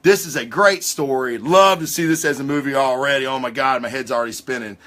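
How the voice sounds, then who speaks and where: A man hosting a casual livestream comic book review, talking in an excitable, rambling way with lots of swearing. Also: medium pitch, fairly quick. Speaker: comic book show host.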